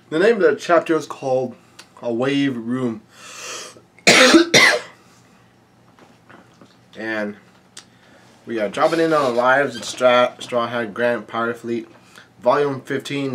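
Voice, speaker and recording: A man with a bad cough casually recapping a manga chapter, halting and restarting his sentences often. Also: mid-range voice, animated, fairly bright tone. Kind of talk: casual read-through commentary.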